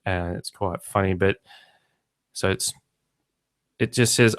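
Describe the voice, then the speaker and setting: A man's voice: deep voice, fairly even intonation, slow pace, pauses often, no echo. A man hosting a podcast in casual chat, telling wry anecdotes and acting out the other people's voices. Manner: dry, wry storyteller who acts out other voices. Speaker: podcast host.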